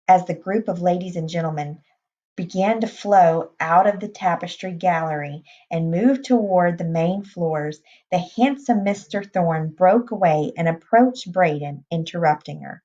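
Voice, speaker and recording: A woman reading a novel aloud in a plain, unhurried way, with small restarts. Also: fairly low pitch, dark tone. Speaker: reader. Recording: dull lo-fi recording.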